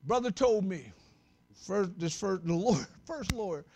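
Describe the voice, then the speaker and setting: A little slow and creaky, a male pastor's very high voice swings widely through a humorous, animated sermon. He addresses the congregation like friends, punctuating jokes with sudden shouts in an easygoing, conversational church style.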